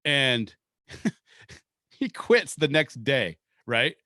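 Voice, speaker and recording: Slowing to an extreme crawl, this Seattle podcast host tells a long, rambling story in a sing-song, sharp-toned mid-range voice, swearing freely and staying laid-back. The recording is dry and of studio quality.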